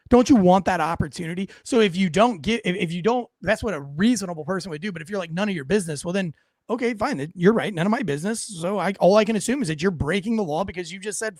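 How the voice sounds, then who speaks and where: A man's voice: high-pitched, brisk, dry recording. Blunt, profane man explaining police work. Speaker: former police officer reacting to footage. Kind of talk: casual reaction commentary.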